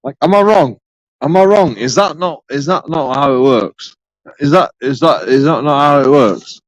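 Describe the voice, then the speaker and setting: A man's voice: on the high side, lively intonation, normal speed, dry recording, poor audio. Sweary rambling man. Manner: profane, rambling, sarcastic, repeats himself. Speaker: YouTube auditor. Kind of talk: rambling solo vlog monologue.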